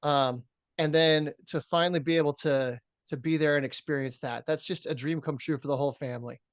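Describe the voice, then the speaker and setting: A man's fairly high, brisk voice, with no room sound, carries a casual baseball chat on the podcast he co-hosts. He works through stats in a steady rundown, leaning on plenty of fillers.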